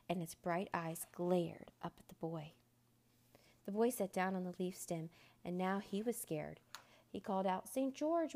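A woman reading a children's book aloud in a measured storytelling manner. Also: lowish voice, a little mellow. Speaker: narrator.

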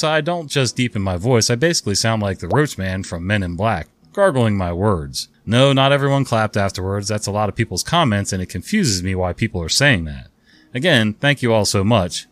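A man's voice: on the low side, no room sound. A man reading online revenge stories aloud and chatting wryly about them between stories. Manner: wry, conversational, animated. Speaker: story narrator.

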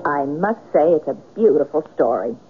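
A woman's voice: deep voice, expressive, moderate pace, soft background music. An actress playing a practical, curious woman who questions a writer in a radio drama. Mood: probing. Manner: probing, practical. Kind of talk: 1970s radio drama acting. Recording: lo-fi old radio broadcast.

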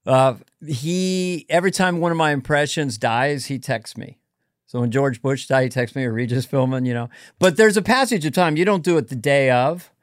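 A man, a guest comedian and impressionist, chatting casually and quickly. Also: mid-range voice, no echo, clean studio sound. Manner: chatty, quick, drifts into voices. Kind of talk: casual chat.

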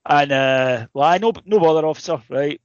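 A man with a fairly high voice spins a story in loose podcast chat, swearing and throwing in asides as he goes. The sound is muffled and lo-fi, and very dry with no room around it. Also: moderate pace, no echo. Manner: swears freely, builds a story with asides and repeated "right?". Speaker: podcast co-host. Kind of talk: casual chat, anecdote telling.

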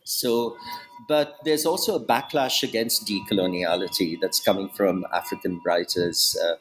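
A man's voice: sits low, moderate pace, faint music behind, low-quality recording. Reflective man talking about his book. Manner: reflective, many asides and restarts. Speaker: author being interviewed. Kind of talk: academic interview.

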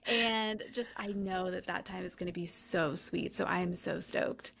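A woman's voice: fairly low pitch, steady tone, normal speed, vocal fry, fairly bright tone. Gushing young woman hosting a podcast. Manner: gushing, enthusiastic. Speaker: podcast host. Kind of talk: casual faith podcast chat.

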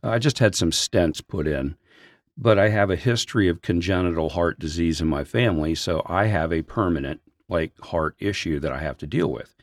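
A man's voice: low voice, moderate pace, no room sound, clean studio sound. A man who works as a senior pastor, telling a personal story on a podcast in an earnest, heartfelt way. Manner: earnest, heartfelt, animated in places.

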